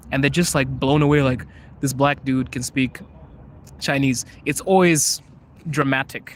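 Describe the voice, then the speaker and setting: Answering his viewers in a relaxed live chat, this young Zimbabwean podcast host keeps a steady tone and a moderate pace in his mid-range voice. He moves between English, Chinese and Russian and laughs a lot, with a little noise in the background.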